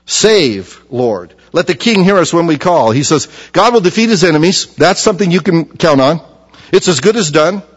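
A man's voice: lively intonation, moderate pace, slightly rough. Man preaching a sermon in a reverberant hall. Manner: emphatic, repeats key phrases, drops to a hushed low voice.

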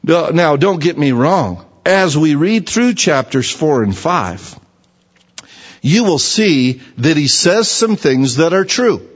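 A man delivers a sermon with a lively, swooping voice that rides a little high. He talks conversationally and acts out what other people say to make his point. The sound is dull and rings with a long hall reverb. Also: slow, husky. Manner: animated, mocking voices of others. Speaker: preacher.

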